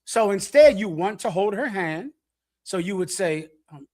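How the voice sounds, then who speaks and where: A middle-aged man preaching bluntly to young listeners, lecturing and swinging between loud and hushed delivery. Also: high voice, animated, a little slow. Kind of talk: street sermon with audience questions.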